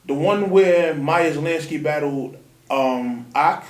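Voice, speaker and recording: A man hosting a podcast interview, laid-back and quick to answer with "okay". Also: on the high side. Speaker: podcast host. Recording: echoey room, distant from mic.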